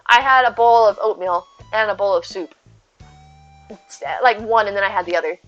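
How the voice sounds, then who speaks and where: A woman's voice: medium pitch, normal speed, a bit bright. A woman streaming a game, chatting casually, thinking aloud and answering chat as she plays. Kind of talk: casual live-stream chat while gaming. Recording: slightly muffled with faint game music.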